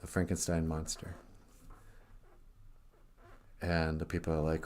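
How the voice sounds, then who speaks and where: A man's voice: extremely low pitch, level tone, unhurried, pauses often, a little mellow. A man co-hosting a podcast, retelling a story casually and rambling, with many restarts. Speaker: podcast co-host.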